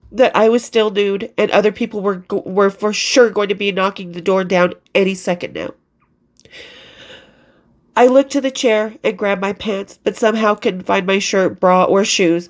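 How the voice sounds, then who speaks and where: A middle-aged woman reading her own memoir aloud, candid and expressive, with casual asides and blunt swearing. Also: mid-range voice, moderate pace.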